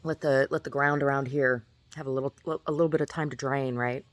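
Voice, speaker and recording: A woman vlogger talking in a rambling, chatty way, often asking "right?" and at times jumping up into a high squeaky pitch. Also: steady tone, a little fast, dry recording. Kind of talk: casual rambling monologue.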